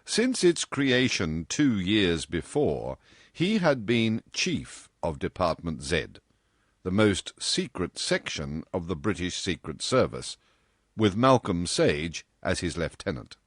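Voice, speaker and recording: A man narrating a novel with an expressive, strongly varied delivery. His pitch rises and falls widely through each sentence. The sound is close and dry. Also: slow, no echo. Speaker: audiobook reader. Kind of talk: scripted audiobook narration.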